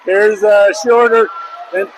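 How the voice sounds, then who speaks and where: A man calling a high school basketball game play-by-play, excitable and openly rooting for the home team. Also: takes it slowly. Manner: excitable, openly biased toward the home team, shouts on big plays. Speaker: play-by-play commentator. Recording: noisy gym crowd behind. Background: crowd noise.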